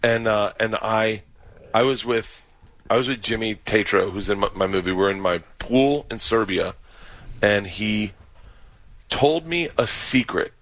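A man's voice: lowish voice, a little slow, no room sound. A man telling stories in casual radio chat, acting out quotes and laughing often. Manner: animated storyteller, acts out quotes, laughs often. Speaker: comedian guest.

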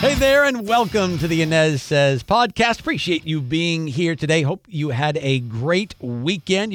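Older male talk host, high and lively, repeats lines for emphasis, dry close studio mic. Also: dry recording. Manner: emphatic, repeats phrases for punch. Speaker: radio and podcast host. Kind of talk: opinionated monologue.

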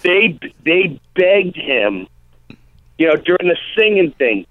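A comedian in a casual radio interview, telling animated stories and acting out quotes. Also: male voice, fairly high pitch, slow pace, no room sound. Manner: animated storytelling, acts out quotes. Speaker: comedian guest. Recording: tinny phone-line sound.

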